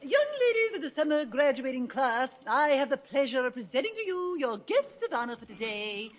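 A woman's voice: high-pitched, very animated, a little fast. An actress playing a prim, dignified older headmistress of a girls' school in a 1940s radio comedy, given to gushing. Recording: muffled old radio broadcast with heavy hiss.

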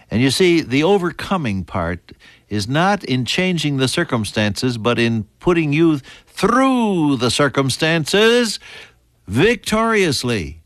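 A man preaching a sermon, earnest, building to emphatic high points and then falling soft and hushed. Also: big pitch swings, takes it slowly, no room sound.

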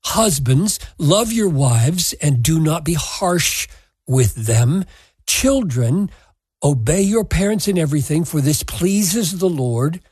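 A man giving an expository Bible teaching in a deliberate, measured way. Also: a little high, lively intonation, darkish tone, breathy edge, no room sound.

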